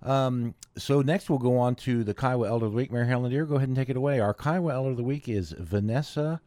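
Radio host guy, mid pitch, dry close mic, kinda halting with lots of uhs. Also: mellow, dry recording. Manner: unhurried, halting with fillers. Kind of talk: radio show hosting.

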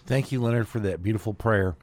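A man hosting a local radio talk show in a studio, announcing in a relaxed way with many fillers. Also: fairly low pitch, quick pace, no echo.

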